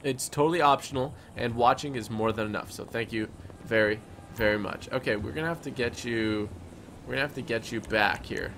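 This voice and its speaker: A man hosting a live gameplay stream, energetic and excitable, often repeating his phrases. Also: medium pitch, fairly quick, noisy background. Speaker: gaming channel host.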